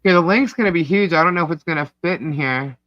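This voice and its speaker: A man with a New York accent co-hosting a casual livestream, reading chat comments out loud in a scattered, distracted way. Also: on the high side, quick pace, no room sound, muffled recording. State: hiccups. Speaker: livestream co-host. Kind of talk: casual live-stream chat.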